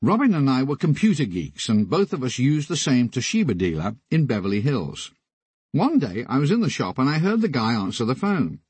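A man reads his memoir aloud with a husky edge to his voice. His delivery is wry and deadpan, and his pitch rises and falls freely, giving the lines a lively, storytelling lilt. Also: a little fast, no echo. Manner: wry, deadpan comic asides. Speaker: memoir narrator. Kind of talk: audiobook memoir narration.

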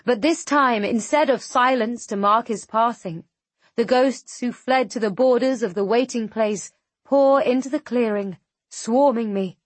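A woman reading a fantasy novel aloud in the first person, her voice a little high for a woman's. She takes her time over every line, measured and tense. The recording is close and dry. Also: no echo. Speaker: audiobook narrator. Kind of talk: first-person audiobook narration.

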